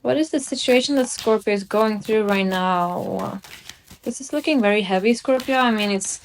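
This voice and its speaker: A young woman reading tarot cards at home, talking slowly and musingly with many pauses. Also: mid-range voice, a little hiss or hum. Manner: slow, musing delivery with frequent pauses. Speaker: tarot reader. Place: room at home by a window.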